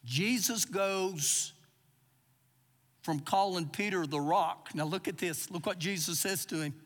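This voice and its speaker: Recorded live in church with lengthy reverberation, this male pastor speaks at a measured pace in a high-pitched, fairly bright voice. His sermon works through verses expositorily, with quotes performed dramatically.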